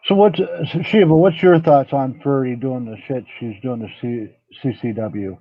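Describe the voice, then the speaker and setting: Hosting a casual online group chat, an American man speaks at normal speed in a mid-range voice, teasing others and cursing freely. The recording is dry, and the online audio comes through muffled and dull.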